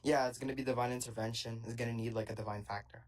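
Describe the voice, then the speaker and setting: A man's voice: medium pitch, fairly even intonation, very fast, rough recording. A young man calling into a live debate, talking casually and hesitantly with lots of fillers. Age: young adult. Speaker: caller.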